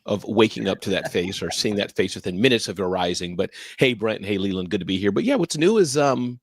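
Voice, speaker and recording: A man's voice: fairly low pitch, animated, fast, no room sound. An older man on a video call, chatting casually as a panelist and telling a wry everyday story. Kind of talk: casual chat.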